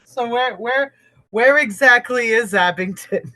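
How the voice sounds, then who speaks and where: A woman from New England co-hosts a podcast, her voice sitting higher and carrying a bright, sharp edge. She jokes, giggles and swears casually between stretches of reading aloud. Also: a little slow. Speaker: podcast co-host.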